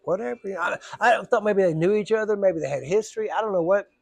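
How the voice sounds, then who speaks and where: A storyteller vlogger with a high voice talks fast, drawling like a Southerner as he rambles through a casual story and acts out the voices of its characters. There's no echo, just faint music in the background.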